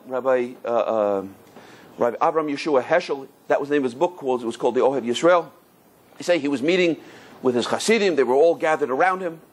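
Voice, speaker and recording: Middle-aged man, rabbi, Torah lecture, animated storytelling, high voice, husky.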